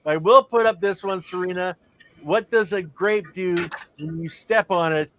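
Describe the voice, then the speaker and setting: A man's voice: sits high, moderate pace, fairly bright tone, slight background noise. Laid-back male livestream host. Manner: laid-back, chatty, thanks guests and plugs the channel. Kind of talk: casual livestream chat.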